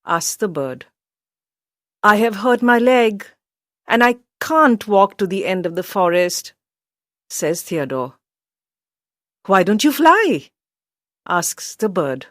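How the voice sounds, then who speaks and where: A woman narrating a children's storybook aloud in a slow, expressive way, lifting her voice for the characters' lines. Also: no room sound, clean studio sound. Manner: lively storyteller, voices quotes higher.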